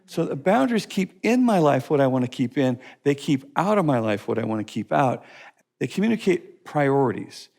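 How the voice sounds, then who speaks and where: A man teaching a recorded class session, repeating phrases and telling lively stories. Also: mid-range voice, moderate pace, vocal fry. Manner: repeats phrases, lively storytelling with put-on voices. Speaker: curriculum teacher.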